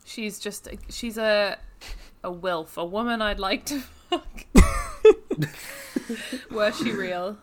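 Giggly animated woman, faint hiss. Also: mid-range voice, extremely slow, long pauses. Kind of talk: casual group chat.

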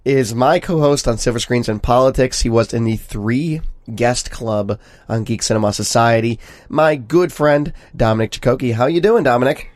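A man's voice: medium pitch, normal speed, few pauses, a little mellow, no room sound. A man hosts a casual film podcast while sick, his voice nasal and stuffy. He keeps things chatty and upbeat. The sound is dry and close, with no room around it. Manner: chatty, laughs often, friendly introductions. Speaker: podcast host.

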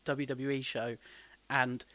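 A man's voice: mid-range voice, level tone, takes it slowly, bright, forceful tone. A man co-hosting a casual wrestling podcast, joking dryly and laughing often. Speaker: wrestling promoter and podcast co-host.

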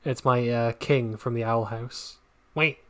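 A woman co-hosting a podcast in casual chat, making dry, deadpan jokes. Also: a bass voice, unhurried. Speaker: podcast co-host.

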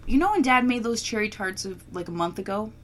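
A woman co-hosting a casual chat, playful and quick to laugh, swearing freely while tasting a beer. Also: medium pitch, animated, fairly bright tone.

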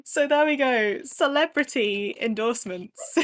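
A woman co-hosting a casual chat, giggling often and filling pauses with ums. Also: fairly high pitch. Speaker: podcast co-host.

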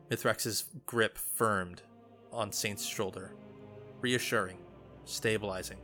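Male podcast co-host, unhurried reader, bright edge, lower pitch, faint music behind. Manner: slow, hushed reading; excitable and loud in chat. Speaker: podcast co-host reading a story. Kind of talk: measured story reading, then casual chat.

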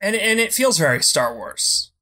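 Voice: medium pitch, big pitch swings, moderate pace, sharp tone. A podcast co-host in casual chat, ranting bluntly with lots of swearing and repeated false starts. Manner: blunt, profane, heated ranting; repeats words when starting.

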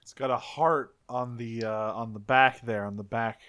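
A man co-hosting a podcast in relaxed casual chat, his voice bright and forceful. He recaps with easy laughs and acts out quotes. The tone is clear and crisp. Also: medium pitch, normal speed. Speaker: podcast co-host.

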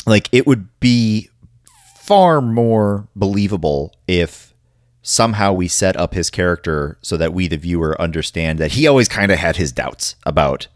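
A man co-hosting a casual discussion, mostly agreeing briefly and then making a measured point. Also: deep voice, animated, no room sound, studio quality.

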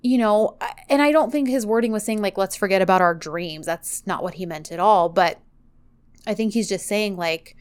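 A woman's voice: medium pitch, normal speed, clear, resonant tone. A woman co-hosting a podcast, chatting casually and animatedly as she recaps a TV show, with lots of filler "likes". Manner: chatty and animated, heavy use of "like". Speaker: podcast co-host.

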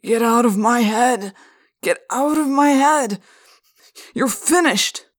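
A woman voicing a male teacher fighting a parasite in his head, shouting in a slurred, desperate voice. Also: fairly high pitch, slow pace, pitched above the performer's own voice. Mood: frantic.

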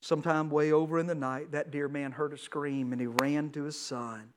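A man preaching a sermon to a large room, telling a story with acted voices, swinging between loud and hushed. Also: a little high, brisk, few pauses. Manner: dramatic storytelling with acted dialogue. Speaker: pastor.

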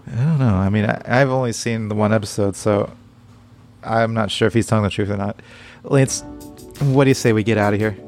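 Playful, gravelly man co-hosting. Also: fairly low pitch, fairly even intonation, a little fast, a little mellow, soft background music. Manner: playful, jokey, laughs often. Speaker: podcast co-host. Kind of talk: casual chat.

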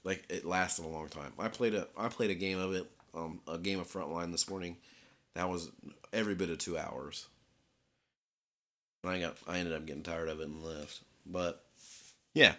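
Low-voiced man rambling on a podcast. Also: steady tone, normal speed, long pauses. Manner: rambling, laughs often, reads labels aloud loudly. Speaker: podcast co-host. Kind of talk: casual chat.

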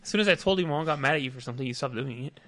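A man's voice: medium pitch, rapid-fire. A man hosting a casual podcast at home, rambling and swearing freely as he chats with his co-host. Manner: profane, rambling and animated. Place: home podcast set with green screen.

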